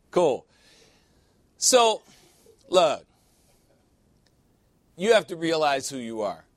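A man preaching a sermon with a fairly high voice, drawing amens from his congregation and tossing in playful asides. The sound is dry and close with little room echo. He moves between teasing banter and earnest teaching. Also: a bit bright. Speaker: pastor. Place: church sanctuary.

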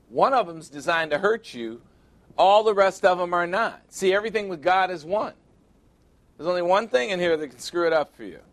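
A man's voice: high voice, normal speed, fairly bright tone. A middle-aged man preaching a sermon, reading scripture aloud and pressing his points with rhetorical questions. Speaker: pastor.

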